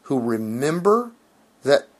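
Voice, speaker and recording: Husky-voiced man teaching theology. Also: mid-range voice, very animated, slow. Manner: earnest, emphatic, with frequent restarts and fillers. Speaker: Christian author.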